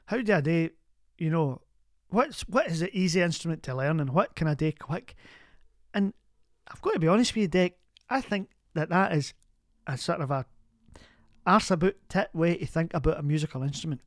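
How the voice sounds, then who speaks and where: A man's voice: fairly high pitch, lively intonation, normal speed, pauses often, no echo, clean studio sound, natural voice. A man putting on a blunt older uncle who banters and laughs as he gives advice. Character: gruff older Scottish uncle, accordion player.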